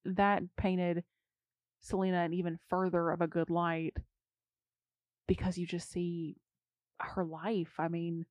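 Young woman gossiping, lowish voice, hedgy and chatty, dry close mic. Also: level tone, slow pace, long pauses, darkish tone, no room sound. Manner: chatty, hedging, trails off mid-sentence. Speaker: podcast co-host. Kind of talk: casual gossip chat.

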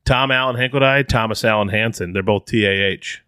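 A man's voice: lowish voice, a little fast, pushed and bright, clean tone, dry recording. A man co-hosting a podcast, easygoing and joking in casual chat. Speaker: podcast co-host.

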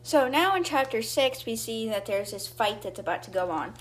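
A woman's voice: a little high, lively intonation, moderate pace. A young woman hosting a podcast, casually retelling a book's chapters and briefly voicing the characters' lines. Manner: chatty, acts out quotes in brief voices. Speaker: podcast host retelling a book. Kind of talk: casual storybook recap.

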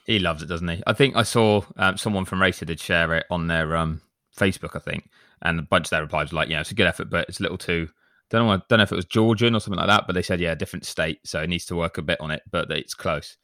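A man's voice: deep voice, fast talker, pushed and bright, dry recording, studio quality. An English man hosting a podcast, leading the conversation and teasing his co-hosts. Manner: leads the talk, teasing. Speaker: podcast host. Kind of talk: casual chat.

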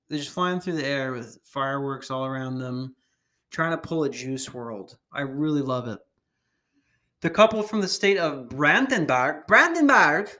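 Rambling comedic male podcast host. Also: on the high side. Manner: rambling, animated, profane. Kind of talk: casual comedic commentary.

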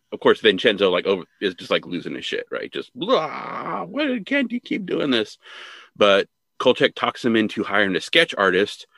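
A man's voice: deep voice, dry recording. A man in casual chat, retelling a film's scenes and acting out the characters' lines. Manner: animated retelling, acts out characters' lines in raised voices. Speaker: podcast co-host. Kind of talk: casual chat recapping a film.

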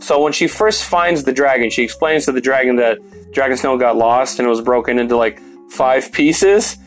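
A man's voice: medium pitch, normal speed, faint music behind. A young man giving a casual movie review, rambling and full of fillers, swearing now and then.

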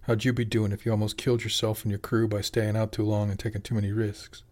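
A man's voice: fairly low pitch, little pitch movement, fast, a little mellow, close to an everyday voice. A man doing a blunt streetwise animal fish boss. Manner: blunt, slangy, pressing. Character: blunt streetwise male animal fisheries manager.

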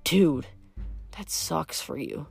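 A cocky teenage hero, quick with a joke and unimpressed by danger, as a woman reading aloud voices him. The tone stays a little low, with faint music underneath. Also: big pitch swings, vocal fry, darkish tone, breathy edge, dry recording, heavily acted. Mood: flippant. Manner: flippant, wisecracking.

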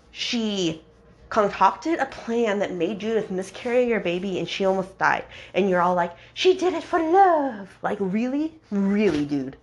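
A young woman hosting a podcast, casually recapping a romance novel in an animated, exasperated way and mock-quoting the characters. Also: medium pitch. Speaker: podcast host reviewing a book.

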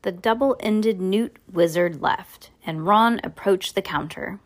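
A woman's voice: mid-range voice, takes it slowly. A woman reading a storybook aloud, often stumbling over words and correcting herself.

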